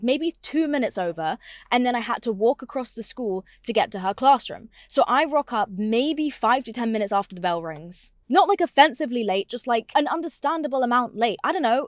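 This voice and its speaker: A woman's voice: on the high side, no room sound, studio quality. A young woman, telling a story on her podcast in a casual, sarcastic, sweary way. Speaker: podcast host.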